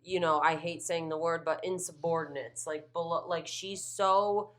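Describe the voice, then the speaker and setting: A woman's voice: deep voice, fairly even intonation, normal speed, a bit bright. A young woman co-hosting a casual podcast chat, blunt and gushing, with casual swearing. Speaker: podcast co-host, bartender.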